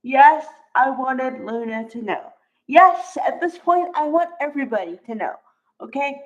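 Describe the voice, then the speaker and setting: Woman, high voice, unhurried; casual soap recap, exasperated commentary, dull recording. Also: animated. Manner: chatty, exasperated, acts out quotes. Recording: dull lo-fi audio.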